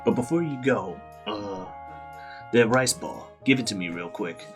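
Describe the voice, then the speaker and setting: A gruff, stubborn swordsman, as a man voices him in a comedy recap. He talks low, blunt and curt, brushing people off. A faint music bed sits behind him. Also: lively intonation, unhurried.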